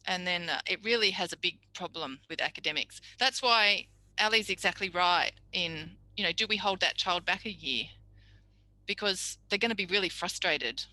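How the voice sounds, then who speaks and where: Woman explaining kids speech errors in a tutorial, super bright voice, no room echo. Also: lowish voice, normal speed. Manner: warm, chatty, explanatory with acted examples. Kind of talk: recorded tutorial lecture.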